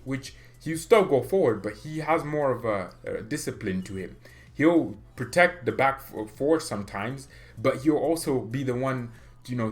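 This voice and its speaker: Excitable young man with a lively voice. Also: medium pitch. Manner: excitable, rambling, quick laughs. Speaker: football fan channel host. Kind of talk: casual opinion vlog.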